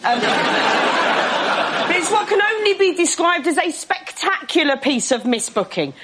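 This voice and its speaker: A woman telling a stand-up story in a dry, deadpan way. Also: very high-pitched, a little slow, a loud crowd, heavy background noise. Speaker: stand-up comedian. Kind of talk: stand-up set.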